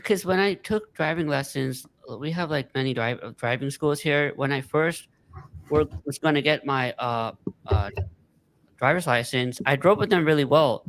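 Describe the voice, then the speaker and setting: A man's voice: on the high side, moderate pace, a bit bright. A man from California, a guest on a casual podcast, talking candidly with hesitations and restarts. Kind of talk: casual chat.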